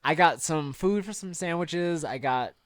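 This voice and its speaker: A young man hosting a podcast, telling a story in a relaxed, casual way with quiet asides. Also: on the high side, a little slow, dry recording. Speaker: podcast host.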